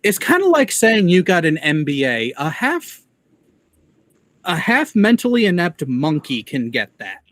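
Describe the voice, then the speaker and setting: A man's voice: fairly high pitch, huge pitch swings, measured pace, fairly bright tone, no room sound. A man from the Midwest hosting a casual commentary chat, explaining things in a wry, playfully mocking way. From Midwest United States. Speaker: commentary show host.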